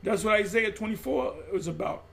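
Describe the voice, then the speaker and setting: A man's voice: sits high, lively intonation, fairly quick, a bit bright. A man preaching in an impassioned monologue, emphatic and repetitive, often stumbling and restarting mid-phrase. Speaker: religious group teacher.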